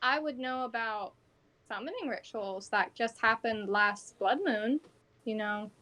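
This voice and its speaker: A woman's voice: a little high, measured pace, bright, forceful tone. A woman player in a tabletop role-play game, speaking her character's lines in her own everyday voice.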